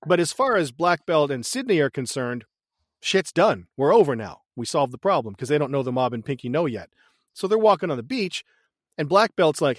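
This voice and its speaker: A man's voice: a little high, sing-song, a little fast, no room sound, clean studio sound. A man co-hosting a casual movie recap, retelling scenes with profanity and frequent laughter. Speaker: podcast co-host.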